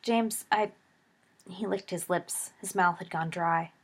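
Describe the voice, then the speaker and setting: A woman narrating a story aloud in an expressive storytelling read. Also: on the low side, moderate pace, breathy edge. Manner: expressive, shifts voice for dialogue. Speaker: audiobook narrator.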